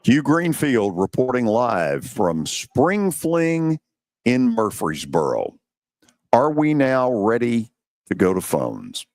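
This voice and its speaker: An older man hosting a sports talk radio show, steering the calls in a measured way. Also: medium pitch, huge pitch swings, darkish tone, no room sound, studio quality.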